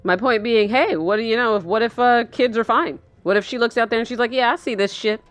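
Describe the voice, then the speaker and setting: A woman's voice: a little high, quick pace, a bit bright, no echo. A woman giving casual live commentary while watching a film from her chair, chatty and sarcastic, swearing and laughing a lot. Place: indoors, seated in a chair.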